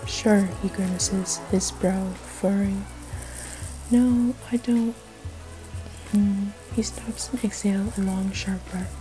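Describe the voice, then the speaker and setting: A woman softly doing a terse, scowling male companion who speaks in short, grudging lines, in a whispered role-play story. The voice is hushed and mellow, pitched a little lower than her narration. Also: fairly even intonation, slow pace, soft background music, natural voice, low-quality recording. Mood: grumbling. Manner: curt, scowling.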